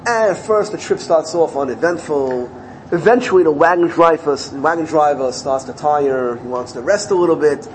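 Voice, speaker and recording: A rabbi gives a Torah talk in a fairly high voice. He tells his story energy and acts out each quote. A faint hum of noise sits behind him. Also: moderate pace, low-quality recording. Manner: animated storytelling, acting out quotes with rising pitch.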